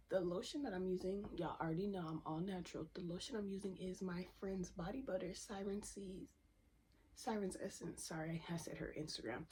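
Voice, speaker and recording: A woman's voice: fairly low pitch, mellow, slight background noise. Emphatic, profane young woman venting. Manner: profane, emphatic, repeats lines for stress, drops to whispers. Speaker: vlogger. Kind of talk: candid self-help rant to camera.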